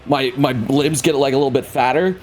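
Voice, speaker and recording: A man's voice: medium pitch, steady tone, brisk, soft background music. A man taking part as a player, talking casually and loosely. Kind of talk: casual chat.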